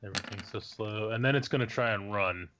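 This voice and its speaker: A man's voice: lowish voice, brisk. A man playing a tabletop role-playing game, upbeat and eager. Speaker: player. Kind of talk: casual tabletop play. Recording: dull lo-fi mic with faint noise.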